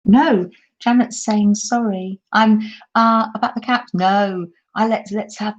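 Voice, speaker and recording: The audio is dull, captured by a laptop mic, as a middle-aged woman speaks slowly and steadily in a mid-range voice. She's hosting an easygoing craft live stream at a craft table inside a holiday home, reading viewer comments aloud, chatting, and often laughing.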